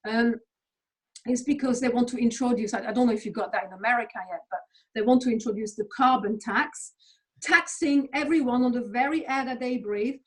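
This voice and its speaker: A woman's voice: on the high side, a little fast, breathy edge, low-quality recording. A woman from England, speaking as an interview guest in a blunt, sweary, emphatic rant. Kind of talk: casual conversational rant.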